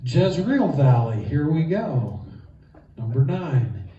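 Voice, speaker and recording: In an informal Bible geography class, a man with a mellow voice on the high side speaks slowly but very animatedly, enthusiastic and conversational, with fillers. The distant mic and echoey room leave the audio dull.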